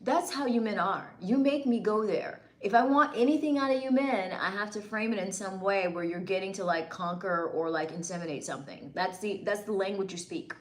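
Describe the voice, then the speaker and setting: A woman's voice: mid-range voice, brisk, hardly any pauses, roomy sound. A woman from the northeastern United States hosting a livestream, chatting with viewers and teasing them playfully. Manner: playful, teasing, laughs often. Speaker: livestream host. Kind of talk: casual livestream chat reading comments.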